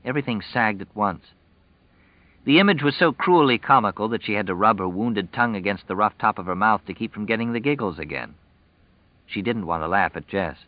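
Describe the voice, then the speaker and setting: Low-voiced man narrating a novel. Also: fairly quick, no echo, dull audio. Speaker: audiobook narrator. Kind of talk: scripted narration.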